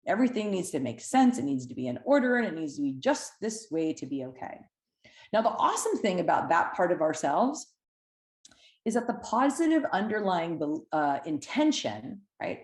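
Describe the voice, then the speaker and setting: Woman, weight-loss coach, lively pitch, casual talk to camera, echoey room. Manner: lively, conversational, frequent "right?" check-ins.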